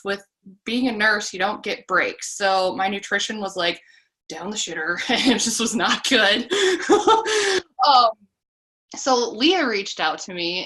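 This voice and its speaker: A woman's voice: medium pitch, bright, forceful tone, rough recording. A woman in her twenties with a Midwestern American accent, talking casually as guest speaker on a team call, chatty and laughing often. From Midwest US (Iowa). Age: 20s. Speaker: guest speaker, new coach.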